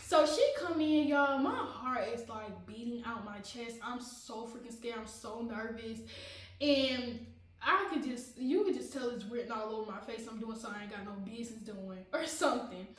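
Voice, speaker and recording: Animated high-voiced woman telling a story. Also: moderate pace, roomy sound, recorded from a distance, poor audio. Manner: animated, dramatic, addresses viewers as y'all, laughs often. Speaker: storytime vlogger. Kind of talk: casual storytelling.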